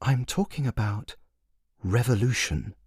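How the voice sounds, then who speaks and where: Guy doing a calm formal servant, polite and dry, lively delivery. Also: medium pitch, unhurried, dry recording, pitched above the performer's own voice. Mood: hushed. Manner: formal, deferential, drily understated. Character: patient, dry-witted male royal servant.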